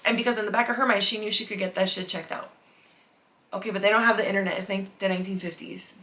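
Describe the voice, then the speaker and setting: A woman hosting a podcast who tells a true story in a casual, animated way, swears often and acts out the people in it. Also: medium pitch, fast talker. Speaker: podcast host.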